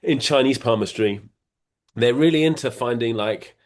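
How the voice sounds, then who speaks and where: A man's voice: medium pitch, moderate pace. A middle-aged man as an interview guest, explaining ideas in a rambling, playful way with many restarts and fillers. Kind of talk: casual conversation.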